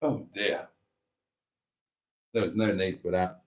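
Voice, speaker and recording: A man's voice: deep voice, fairly even intonation, takes it slowly. A middle-aged man with a chatty, rambling manner and cheeky asides, hosting a livestream and reading out comments from chat. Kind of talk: casual chat.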